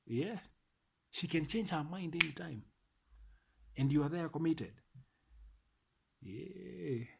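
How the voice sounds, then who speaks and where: A man's voice: on the high side, expressive, slow, gravelly, background noise. A middle-aged man with a Kenyan accent, delivering an emphatic, repetitive opinion monologue to camera as a vlogger. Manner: ranting, emphatic, repeats phrases.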